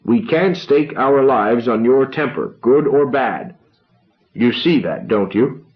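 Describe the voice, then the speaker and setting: Grandiose young speechmaker, solemn, pompous, dramatic pauses, voiced by a male reader, dull lo-fi sound. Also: mid-range voice, expressive. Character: young man, grandiose smooth-talking orator.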